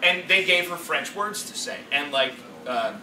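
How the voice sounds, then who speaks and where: A man who directs and performs voices, telling stories at a convention panel in a rambling, animated way. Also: on the high side, normal speed. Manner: animated, rambling storytelling with frequent fillers. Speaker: voice director and voice actor. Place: convention hall. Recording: echoey hall from far off, noisy.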